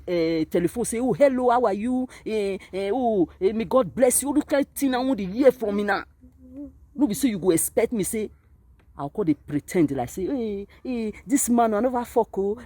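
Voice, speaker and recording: A Nigerian woman with a Nigerian Pidgin English accent, talking to her camera at a cemetery, moving between quiet grief and loud, animated outbursts. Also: fairly high pitch, husky. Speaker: vlogger. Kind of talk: emotional direct-to-camera monologue. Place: outdoors at a cemetery.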